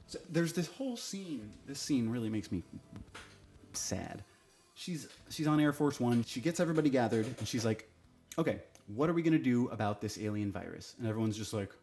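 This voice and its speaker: A man's voice: mid-range voice, a little mellow. Blunt, swearing man giving a casual review. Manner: blunt, opinionated, swears freely. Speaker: TV show reviewer.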